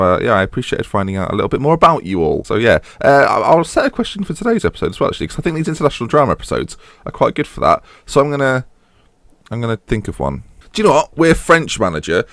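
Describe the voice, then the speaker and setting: A man's voice: on the low side, dry recording. Dry-voiced chatty young man. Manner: chatty, wry, self-interrupting. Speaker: game commentator. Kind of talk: casual gameplay commentary.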